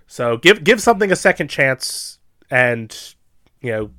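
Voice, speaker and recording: A man's voice: medium pitch, sing-song, a little slow, no room sound, clean studio sound. Rambling podcast co-host man. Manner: rambling, laughs loudly at jokes. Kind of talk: casual chat.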